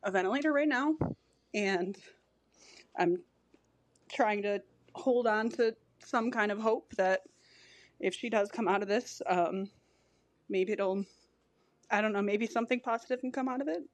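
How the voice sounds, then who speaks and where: A young woman calls in to a podcast, and her words come out halting and unsure. She pauses often and searches for what to say. Her voice sounds close and dry. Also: medium pitch, dry recording. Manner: halting, hesitant, emotional. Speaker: listener calling in.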